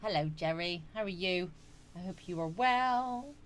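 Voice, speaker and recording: Chatty woman, middle-aged, lowish voice, livestream host reading out comments, faint background hiss. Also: a little slow. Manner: chatty, greets viewers by name, frequent yawns and laughs. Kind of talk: casual live chat reading out viewer comments.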